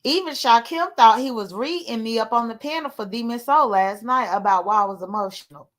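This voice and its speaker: A woman's voice: fairly high pitch, lively intonation, normal speed, a bit bright. A woman, talking candidly and emotionally to her livestream viewers in a rambling way. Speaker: livestream host. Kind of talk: casual livestream talk.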